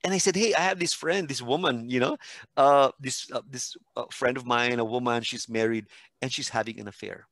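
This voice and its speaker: A male teacher and expert chats casually on a podcast, animatedly recounting stories and acting out people's quotes. He speaks briskly in a mid-range voice, with no echo.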